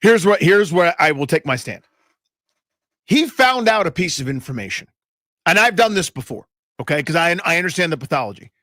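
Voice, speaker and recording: Emphatic man, lively co-host voice. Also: on the high side, fairly quick, no room sound, clean studio sound. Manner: emphatic, opinionated. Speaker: sports radio co-host. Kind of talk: casual sports talk.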